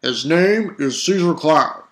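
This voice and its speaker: A man putting on the voice of an urgent male TV crime-show announcer making a slow, drawn-out public appeal. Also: on the high side, lively intonation, a bit bright. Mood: mock-urgent.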